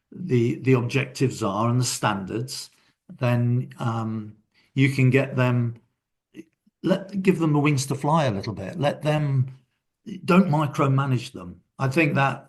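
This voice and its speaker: An older man, a guest in a casual interview, telling reflective stories from his working life. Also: medium pitch. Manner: reflective, anecdotal storyteller.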